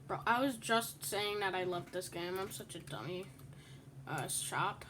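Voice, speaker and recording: Young female gamer, unhurried speech with faint background hum, bursts into furious cursing. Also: lowish voice, expressive. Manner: cursing, screaming in rage at other players. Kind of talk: gaming commentary.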